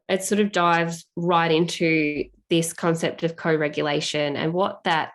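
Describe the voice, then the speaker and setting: A woman author speaking candidly and reflectively as an interview guest, talking in a plain, down-to-earth way. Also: low-pitched. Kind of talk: casual interview talk.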